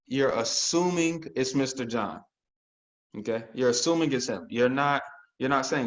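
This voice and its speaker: Energetic guy coaching on a group call, keeps saying okay?, dull lo-fi call audio. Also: medium pitch, unhurried, long pauses. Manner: energetic, repeats "okay?" to check in. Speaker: real estate investing coach. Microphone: video call.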